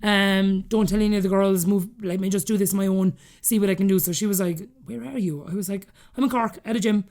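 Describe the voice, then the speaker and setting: This Irish-accented podcast guest, a woman in her 30s, talks fast and with lots of animation in a medium-pitched voice. Candid about her story, she performs each quoted line of dialogue.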